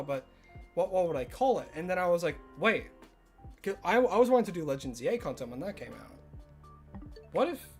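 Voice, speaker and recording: A young man from Tasmania with an Australian accent carrying a touch of American, chatting casually with his live-stream viewers and answering their chat in a self-mocking way. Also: high-pitched. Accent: Australian with some American influence. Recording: faint music behind.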